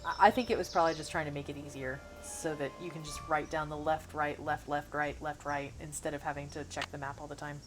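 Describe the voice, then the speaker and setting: Casting: woman game streamer, slight Missouri twang, lowish voice, chatty, game music playing behind. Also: flat delivery, a little fast, hardly any pauses. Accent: Missouri Bootheel twang. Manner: chatty, thinks aloud, reads chat. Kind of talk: livestream gameplay commentary. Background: game music and cicadas.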